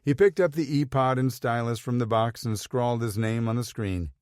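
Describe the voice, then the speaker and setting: A man reading a romance story aloud in an even, measured way. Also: medium pitch, no echo, studio quality. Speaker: audiobook narrator. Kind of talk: scripted narration.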